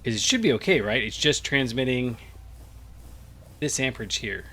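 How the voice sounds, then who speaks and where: Bright and forceful, this mid-range male voice is expressive and moves at normal speed. It belongs to a gaming host doing rambling, filler-laden Let's Play commentary while a bit groggy after a nap.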